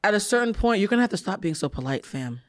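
Podcast host, blunt and animated, rattles along fast in casual chat. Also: female voice, medium pitch.

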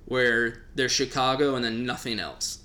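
A man's voice: mid-range voice, steady tone, unhurried, pushed and bright, a little hiss or hum. A man hosting a podcast, chatting casually in a joking, rambling way with the odd swear. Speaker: podcast host.

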